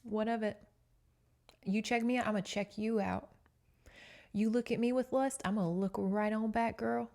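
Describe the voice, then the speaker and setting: A woman's voice: on the high side, steady tone, moderate pace, creaky, long pauses, warm tone. Woman doing a sassy viking gal, teasing and taunting, no shame at all. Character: bold, defiant young Viking woman, teasing.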